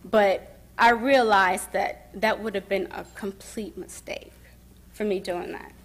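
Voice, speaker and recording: A young woman speaking at a summit and telling her own story in an emotional testimony, softly, with pauses and restarts. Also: medium pitch, steady tone. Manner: soft-spoken and emotional, pausing and restarting. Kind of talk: personal testimony speech. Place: summit event.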